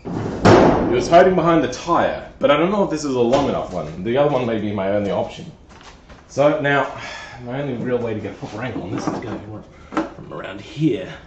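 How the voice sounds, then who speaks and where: A man's voice: mid-range voice, expressive, a little fast, heavy background noise. A man live-streaming while he works on a car, talking to himself in a playful, self-mocking way. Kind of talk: casual live-stream chatter while working. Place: garage or workshop. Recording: echoey, dull sound from a distant mic.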